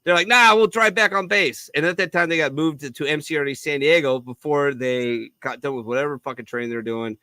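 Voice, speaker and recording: A man's voice: medium pitch, steady tone, fast talker, hardly any pauses, sharp tone, no echo. A middle-aged man, co-host of a live show, rambling through a profane story and acting out the quotes. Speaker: podcast co-host.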